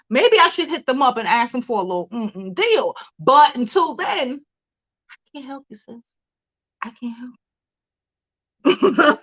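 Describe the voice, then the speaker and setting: A woman's voice: on the high side, pushed and bright, highs cut off. A woman hosting a casual celebrity news livestream, chatty, laughing often and cursing freely.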